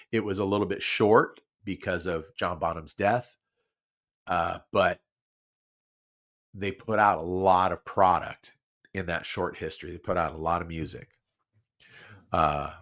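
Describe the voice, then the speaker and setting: A man hosting a talk show, talking casually with lots of restarts and repeats while his nose is stuffed up. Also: low voice. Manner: animated, repeats himself, many restarts. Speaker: podcast host. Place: studio.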